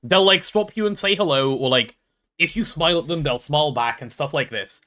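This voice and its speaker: A man's voice: a little high, fairly quick, pushed and bright. A young man with a posh London accent chatting casually on a live stream, reading chat aloud and hamming up mock drama. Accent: London English. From England.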